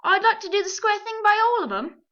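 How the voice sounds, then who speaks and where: A woman's voice: very high-pitched, lively intonation, brisk, fairly bright tone, highs cut off, voice pushed up. Woman doing a humble, earnest cabman. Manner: homely, bashful, folksy speech. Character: humble male London cabman, plain-spoken and earnest.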